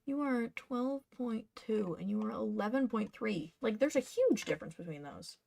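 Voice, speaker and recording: A woman's voice: fairly high pitch, animated, moderate pace, gravelly, a little mellow, slight background noise. A woman streaming her cosplay patterning work, chatting casually and muttering to herself as she works. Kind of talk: casual live-stream chat while working.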